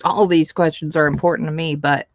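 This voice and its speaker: A woman's voice: deep voice, steady tone, a little fast, no echo, highs cut off. A woman hosting a live stream, chatting casually with viewers while she crafts, laughing often.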